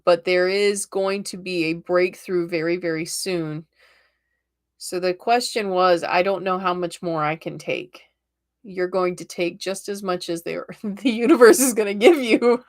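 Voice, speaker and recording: A woman with a slightly low voice gives tarot readings on a live stream. She talks in a chatty, reassuring way and keeps checking in with her listeners. She laughs easily between thoughts. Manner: laughs often.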